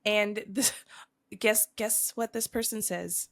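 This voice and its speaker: A woman's voice: medium pitch, steady tone, slow. A woman co-hosting a podcast, giving a chatty, rambling recap full of fillers. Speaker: podcast co-host.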